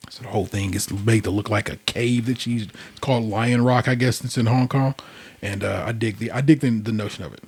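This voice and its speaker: A man's voice: fairly low pitch, steady tone, fairly quick, a little mellow, slightly rough. A man hosting a casual podcast, recapping in a rambling, conversational way with lots of fillers. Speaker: podcast host. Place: indoor room, recorded in person.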